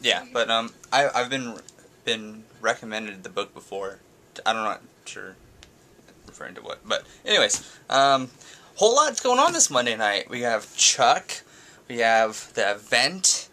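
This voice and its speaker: A man's voice: mid-range voice, very animated, unhurried, sharp tone, slight background noise. A young man chatting casually in a home video blog, rambling with restarts and little laughs. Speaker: vlogger. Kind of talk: casual vlog chat.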